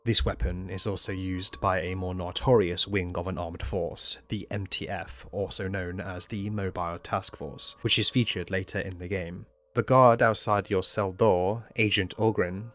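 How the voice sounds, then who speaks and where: A man narrating a scripted game commentary in a measured, explanatory way. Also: low voice, steady tone, fairly bright tone. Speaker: video essay narrator.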